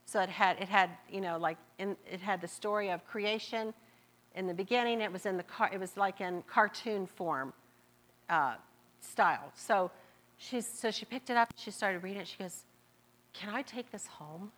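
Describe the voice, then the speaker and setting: Southern woman preacher, mid pitch, slow emphatic repeats, sermon delivery. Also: fairly bright tone. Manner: repeats phrases, drawn-out emphatic words.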